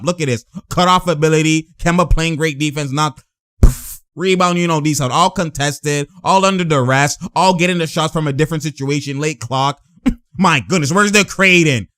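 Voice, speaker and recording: A man giving loud, laughing, slangy commentary as he reacts to game footage. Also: fairly high pitch, fairly quick, no room sound, studio quality. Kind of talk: excited live reaction commentary.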